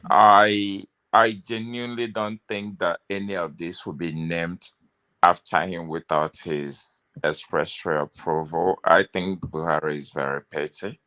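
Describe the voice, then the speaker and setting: A man's voice: low voice, a little slow. A man arguing his views animatedly in a casual political discussion. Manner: animated, opinionated, interrupts often. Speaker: panelist.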